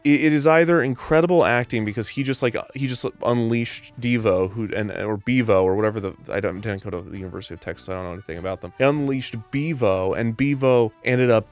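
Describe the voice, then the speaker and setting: A man from Kansas hosting a comedic commentary show, rambling and animated, often correcting himself mid-sentence. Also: on the low side, fast talker, hardly any pauses, soft background music. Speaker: host.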